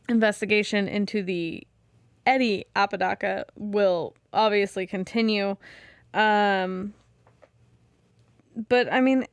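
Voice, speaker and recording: In a podcast studio, a woman with a mid-range voice co-hosts a show, casually reading through research notes. She uses frequent fillers and restarts and laughs easily, and the studio-quality sound has no echo.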